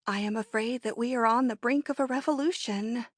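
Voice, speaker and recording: A timid, frightened society matron, voiced by a woman reading a storybook, speaks slowly in a faint, shaky voice. The sound is close and dry. Her voice is fairly high. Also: no echo, natural voice. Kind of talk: audiobook character voice.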